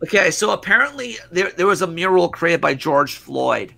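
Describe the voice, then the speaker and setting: A man with a fairly high, gravelly voice and a bright, edgy tone, ranting in profane casual commentary. He stumbles and restarts as he talks, sounding like a stream co-host riled up over the news. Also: big pitch swings, normal speed.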